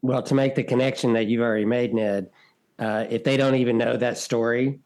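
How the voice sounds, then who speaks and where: A man co-hosting a podcast, adding a measured, thoughtful point to the conversation. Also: mid-range voice, fairly even intonation, a little mellow. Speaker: podcast co-host. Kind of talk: casual conversation.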